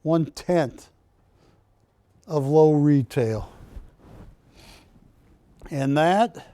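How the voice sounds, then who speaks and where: A man's voice: fairly high pitch, extremely slow, warm tone, no echo. A man hosting a live shopping channel broadcast, selling art with chatty, jokey banter from a studio. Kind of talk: live TV sales pitch.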